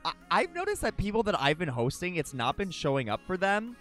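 Animated, swearing male game streamer. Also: high voice, fairly quick, soft background music. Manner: animated, swears a lot, goes on dramatic mock rants. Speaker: Twitch streamer. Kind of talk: live gameplay streaming chat.

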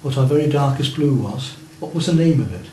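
He is an art teacher coaching a beginners' painting class, encouraging students and inspecting their work as he goes. The voice is medium-pitched, expressive, brisk, and dark in tone, captured in a roomy room with faint background noise.

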